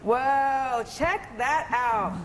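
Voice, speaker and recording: A woman reporting live for morning TV from inside a school, upbeat and chatty, quick to laugh. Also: high voice. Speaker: lifestyle reporter. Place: middle school, indoors. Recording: echoey room with faint background noise.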